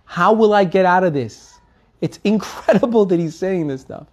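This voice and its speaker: A man's voice: high voice, normal speed. A man giving a weekly Torah lesson, telling stories earnestly and asking his listeners rhetorical questions. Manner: animated storytelling with rhetorical questions. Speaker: Torah teacher.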